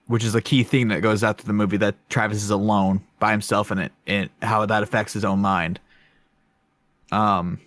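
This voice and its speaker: A man's voice: medium pitch, a bit bright, no room sound. Rambling man reviewing a film. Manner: rambling, self-conscious, many fillers and restarts. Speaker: podcast co-host. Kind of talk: casual podcast film review.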